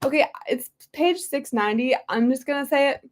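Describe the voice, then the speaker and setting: A woman's voice: high-pitched, normal speed. A woman reading a history book aloud in a casual way and breaking off often for chatty, apologetic asides.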